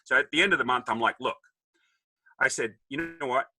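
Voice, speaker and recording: A man's voice: mid-range voice, brisk, sharp tone, a little hiss or hum, rough recording. A man in his fifties with an Australian accent, telling a joking story as a podcast guest and acting out the people in it. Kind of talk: casual storytelling.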